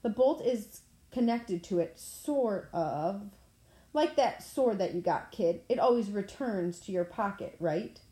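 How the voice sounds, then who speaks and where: A woman's voice: mid-range voice, lively intonation, measured pace, dark tone, lightly acted. A woman reading aloud, voicing a brash, mocking male war god in a roomy-sounding recording. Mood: taunting. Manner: swaggering, taunting. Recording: roomy echo.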